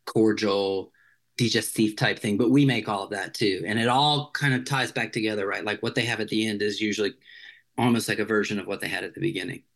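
A man's voice: on the low side, fairly even intonation, fairly quick, gravelly, fairly bright tone. A man, a chef, chatting casually as an interview guest in a rambling, loose way full of filler words.

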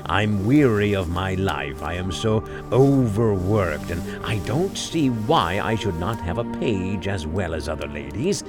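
Man doing a weary one-eyed giantess, slow and bossy. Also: low voice, expressive, music in the background. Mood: grumbling, menacing.

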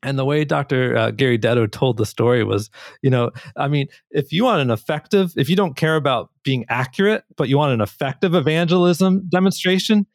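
A man, an author and guest on a podcast, telling a story with animated, lively delivery. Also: medium pitch, a little fast, gravelly, dry recording, clean studio sound. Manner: animated storytelling, acts out quoted preacher. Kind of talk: podcast conversation.

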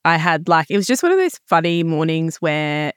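A woman's voice: deep voice, very animated, normal speed, clean tone, no room sound, studio quality. A woman co-hosting a parenting podcast, chatting casually and telling stories from home. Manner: laughing, storytelling, chatty. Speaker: podcast co-host; mother of young children. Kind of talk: casual chat.

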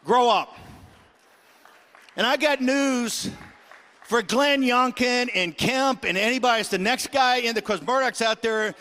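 A middle-aged man hosting a political talk show, ranting combatively and shouting in bursts. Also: very high voice, measured pace, long pauses. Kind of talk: fiery political rant.

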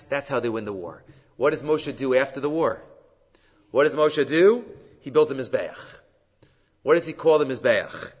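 A man teaching a Torah class, animated and asking rhetorical questions, with Hebrew terms woven in. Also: on the high side. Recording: dull sound with long hall reverb.

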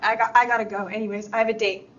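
An actress playing a cold, resentful estranged adult daughter, curt and dismissive, in a film scene. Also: female voice, fairly high pitch, flat delivery, very fast, slight background noise, natural voice. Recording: dull film audio under music.

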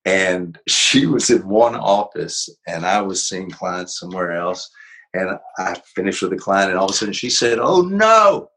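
An older man, a psychologist and author, talking as an interview guest in a gentle, reflective way with easy laughs. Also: low-pitched, fairly even intonation, normal speed, poor audio. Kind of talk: conversational interview.

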